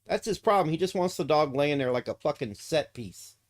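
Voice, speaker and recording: A man's voice: fairly high pitch, lively intonation, a little fast. A man streaming casually, cooing to his dog in baby talk and swearing freely when he rants. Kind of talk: casual live-stream chat.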